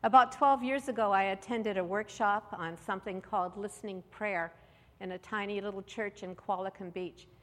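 A woman's voice: medium pitch, steady tone, moderate pace, a bit bright. A woman tells her own story to a gathering in a frank, self-mocking way, stopping for fillers and little asides. Her voice sits in the middle of the range and rings out with a long hall reverb. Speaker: speaker giving a testimony talk. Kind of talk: personal testimony talk.

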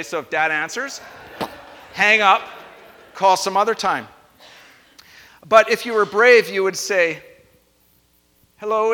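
A young man pastor with a high, bright voice, preaching in a relaxed, playful way that teases his listeners. His words ring out with the long reverb of a church hall. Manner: playful, chatty, teasing the congregation. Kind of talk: conversational sermon. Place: church sanctuary.

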